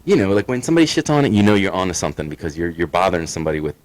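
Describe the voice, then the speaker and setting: A man co-hosting a podcast in casual chat, laid-back, swearing often and laughing, high from smoking. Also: rapid-fire, dry recording, poor audio. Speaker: podcast co-host.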